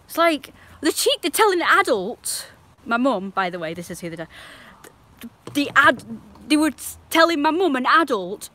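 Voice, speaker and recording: A young woman tells a long, rambling story to her live stream. She is indignant and swears freely, in a voice that sits slightly high. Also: sing-song, moderate pace, sharp tone, no room sound.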